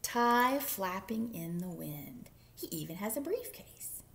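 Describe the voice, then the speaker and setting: A woman reading a picture book aloud for kids, with a lively, swooping voice and a gravelly edge. She reads at an easy, unhurried pace, dropping into playful whispers for her asides. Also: medium pitch. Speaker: children's librarian. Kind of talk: story time read-aloud.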